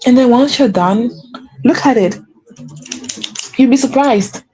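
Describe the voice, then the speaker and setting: A woman with a fairly high, mellow voice talks earnestly to the camera like a faith coach. She often says the same phrase twice for weight. Her tone stays soft and warm, with no edge. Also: measured pace, low-quality recording. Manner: earnest, repeats phrases for emphasis. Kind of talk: earnest spiritual pep talk to camera.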